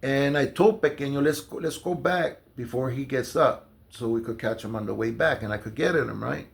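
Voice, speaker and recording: A man's voice: mid-range voice, brisk, gravelly. A man casually telling a long personal story, loose and conversational with lots of fillers and restarts. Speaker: storyteller recounting jail experiences.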